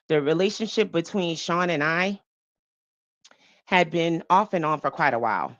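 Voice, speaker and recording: A woman with a low, deep voice reads a memoir aloud on a live stream, breaking into animated, blunt commentary and laughter. The sound is dry and close, with a slightly dull, lo-fi tone. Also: dry recording. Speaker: livestream book reader.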